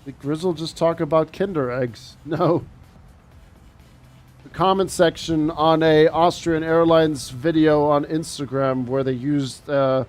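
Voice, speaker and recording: A man's voice: fairly high pitch, fairly even intonation, unhurried, soft background music. Chatty male flight sim streamer. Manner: chatty, laughs often, reads comments aloud. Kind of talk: live stream chat reading comments.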